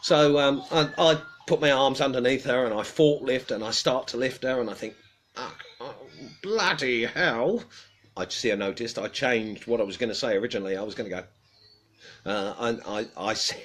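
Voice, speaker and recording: A man's voice: mid-range voice, fairly even intonation, brisk, a bit bright, a little hiss or hum. Rambling man telling stories outdoors. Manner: rambling, self-deprecating storyteller, chuckles often. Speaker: livestream host. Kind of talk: casual livestream chat.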